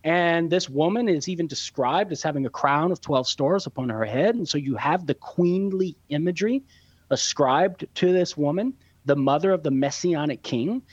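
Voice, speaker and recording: A man explaining church teaching on a radio call-in show, measured and teacherly, laying out points step by step. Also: on the high side, animated, slightly rough, dry recording, muffled recording. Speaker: guest Catholic apologist answering questions.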